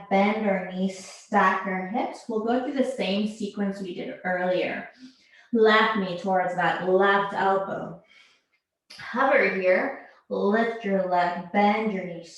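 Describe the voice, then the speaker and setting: A woman leads a yoga class, cueing each pose and breath in a slow, unhurried way. Her voice rings out in a strongly echoing room. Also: medium pitch. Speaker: yoga instructor. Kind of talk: guided yoga class instruction. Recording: very echoey room.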